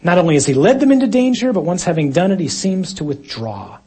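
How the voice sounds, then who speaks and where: Husky-voiced male preacher. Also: high-pitched, sing-song, fast. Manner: reflective, dramatic shifts from quiet to loud. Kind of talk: sermon.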